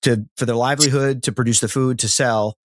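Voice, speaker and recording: A man's voice: medium pitch, fairly even intonation, fairly quick, no echo, studio quality. A man from the United States hosting an interview podcast, rambling and repeating himself with lots of "like". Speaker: podcast host. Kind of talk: casual interview chat.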